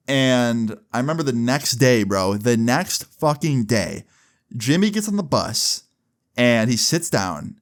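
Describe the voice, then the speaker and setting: A man telling a personal story in a casual vlog, animated and profane, with sudden jumps in pitch. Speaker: storyteller vlogger.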